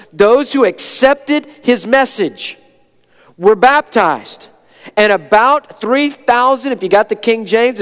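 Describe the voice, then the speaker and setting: High-voiced preacher in a reverberant church. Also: male voice. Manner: energetic, folksy preaching with quick asides. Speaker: pastor. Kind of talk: sermon. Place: church sanctuary. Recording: long reverb of a church sanctuary.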